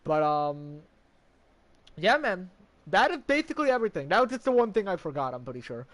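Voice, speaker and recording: A man's voice: high voice, sing-song, brisk, fairly bright tone. A man streaming a game, casually recapping its story in a rambling way, restarting sentences and swearing now and then.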